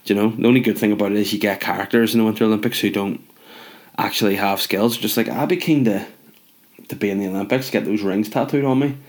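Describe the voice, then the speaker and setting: A man's voice: on the low side, steady tone, fast talker. A man delivering a rambling comic rant, sweary and sardonic with mumbled asides. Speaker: comedic monologue host.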